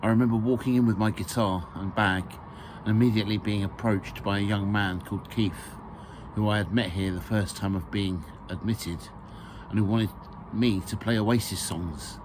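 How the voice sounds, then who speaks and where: A man's voice: on the low side, steady tone, normal speed, background noise. A man reading his own memoir aloud, hesitant with fillers and a dry sense of humour.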